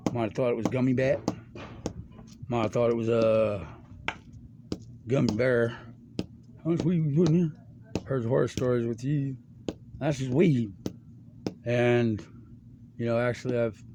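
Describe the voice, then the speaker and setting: A man talking in a rambling personal monologue to a friend, meandering from topic to topic with many fillers. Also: medium pitch. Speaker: speaker addressing a friend. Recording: clear background noise.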